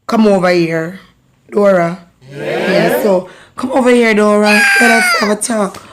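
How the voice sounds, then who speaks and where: A Jamaican woman with a hoarse voice hosting a casual patois lesson, chatty and laughing as she repeats phrases for learners. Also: mid-range voice, very animated, unhurried, noisy background. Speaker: host teaching patois.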